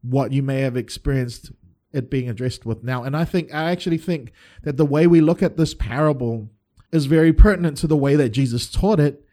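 A man's voice: mid-range voice, dark tone. A man preaching a sermon as a pastor, earnest and emphatic, often restarting his phrases.

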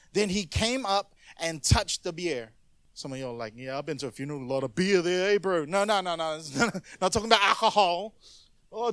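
Male preacher, fairly high voice, animated and conversational, dry close sound. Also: dry recording. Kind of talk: sermon.

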